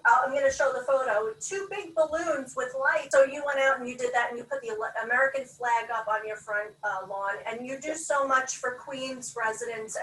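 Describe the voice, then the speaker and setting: Bright, high-voiced enthusiastic woman host. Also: roomy sound, far from the mic, rough recording. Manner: enthusiastic, laughs often. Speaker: talk show host. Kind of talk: upbeat interview.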